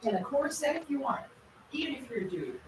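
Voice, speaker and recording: A woman's voice: high-pitched, sing-song, a little fast, noisy background. A woman in her forties hosting a casual livestream, chatty and rambling. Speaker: livestream host.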